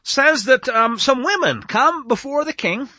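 Animated, high-voiced male preacher. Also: a little slow, no echo. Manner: animated, emphatic, self-described nerdy. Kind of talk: sermon.

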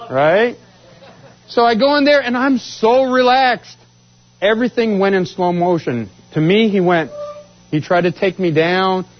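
A man from Washington state telling his life story as a testimony, acting out what others said. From Washington state, USA. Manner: animated, acts out quotes with rising pitch. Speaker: speaker giving a testimony. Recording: dull lo-fi sound.

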